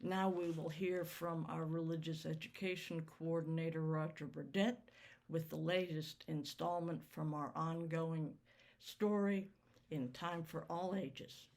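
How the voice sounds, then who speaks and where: A worship service leader reciting a congregational covenant in a measured, formal reading, then introducing the next speaker. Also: mid-range voice, fairly even intonation, vocal fry, a little mellow.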